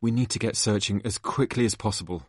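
A man's voice: on the low side, fast, slightly rough, dry recording, clean studio sound. A man reading a determined witch mother. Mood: brisk.

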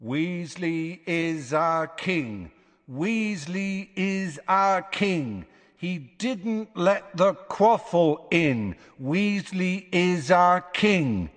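A man reading aloud and singing a slow, gloating chant of a student crowd. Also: high voice, animated, in a large hall, pitched above the performer's own voice, full character voice. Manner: slow sing-song chant. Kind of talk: audiobook sung chant.

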